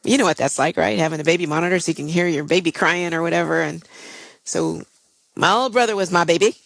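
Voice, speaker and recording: A woman's voice: lowish voice, quick pace, creaky, no echo, rough recording. An older woman, a guest and airline pilot, tells a personal story in a candid, reflective way with frequent fillers.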